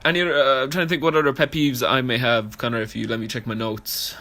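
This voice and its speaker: A man's voice: mid-range voice, flat delivery, fast talker, noisy background. A man co-hosting a podcast in casual, teasing chat, laughing often. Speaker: podcast co-host. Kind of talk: casual chat about fantasy sports.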